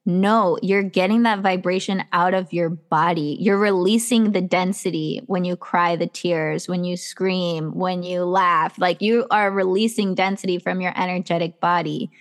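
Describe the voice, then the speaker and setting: A woman's voice: on the low side, fairly even intonation, a little slow, hardly any pauses. A woman who works as a self-love coach, speaking as a podcast guest in an earnest, encouraging way with lots of "like" fillers. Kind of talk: casual podcast chat.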